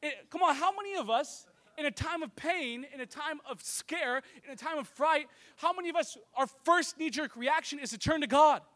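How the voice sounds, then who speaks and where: A man preaching a lively sermon to a congregation, telling funny stories. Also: extremely high pitch, moderate pace, few pauses. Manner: energetic, joking storyteller. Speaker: pastor. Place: church service with congregation.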